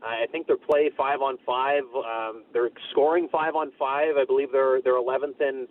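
A man calling in by phone as a guest, giving thoughtful, measured hockey analysis. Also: medium pitch, steady tone. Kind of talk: phone-in sports talk. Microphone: telephone. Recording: tinny phone line.

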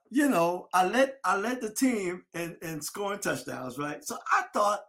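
Man, high pitch, lively rising and falling delivery, storytelling interview. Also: measured pace, few pauses. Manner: animated storyteller, acts out his old coach. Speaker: former football player.

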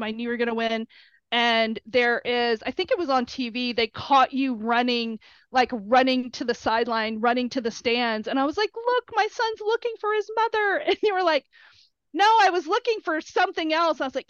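A middle-aged woman, a player's mother, telling animated stories in an interview and acting out quotes in a shrill high voice. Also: smooth, dry recording. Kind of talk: storytelling interview. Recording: dull lo-fi recording.

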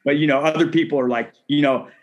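A man's voice: on the high side, steady tone, fast, lo-fi sound. A man, talking as a guest in a casual interview. He rambles, swears often, leans on the filler "like" and stays indignant throughout. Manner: profane, rambling, filler-heavy "like" talk; heated, indignant. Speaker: podcast guest.

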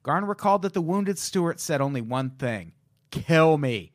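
A man's voice: on the high side, lively intonation, brisk, dry recording, clean studio sound. A man co-hosting a podcast, telling a true-crime case in a casual, profane way and breaking off into jokes. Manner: profane, joking tangents while reading a case. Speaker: podcast co-host.

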